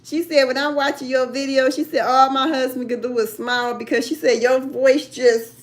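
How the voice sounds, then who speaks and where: A woman's voice: high voice, flat delivery, moderate pace. An older woman hosting a casual live chat from home, chatty and drawn out, laughing often. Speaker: livestream host.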